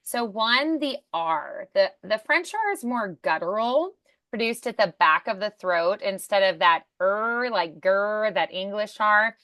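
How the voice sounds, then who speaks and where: A woman's voice: medium pitch, lively intonation, sharp tone, dry recording, clean studio sound. A woman voice acting coach, explaining sounds and demonstrating them in a lesson. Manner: demonstrative, coaching with sound examples and quick prompts.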